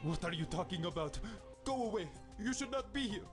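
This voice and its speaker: Here is a prickly rival game program that predicts doom. It speaks formally and melodramatically, in a high voice with a swinging pitch. Game music plays behind it. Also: male voice, expressive, a little fast.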